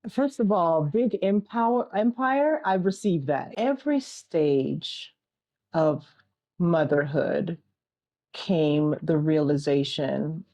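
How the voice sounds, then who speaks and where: Mellow-voiced woman, earnest interview guest. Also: low-pitched, animated, slow. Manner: earnest, repeats a refrain, uses analogies. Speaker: interview guest, entrepreneur and single mother. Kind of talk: reflective interview answers.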